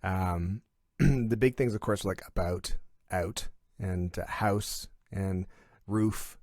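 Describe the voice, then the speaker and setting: A middle-aged man from Canada, chatting casually and telling animated stories, slipping into playful impressions. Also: low voice, takes it slowly, no echo, clean studio sound. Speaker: comedian and voiceover artist as guest. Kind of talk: casual chat.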